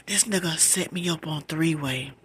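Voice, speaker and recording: A woman telling a true personal story in a soft-whispered ASMR storytime, her retelling rising in pitch with emotion. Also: normal speed, breathy edge. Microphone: close phone mic.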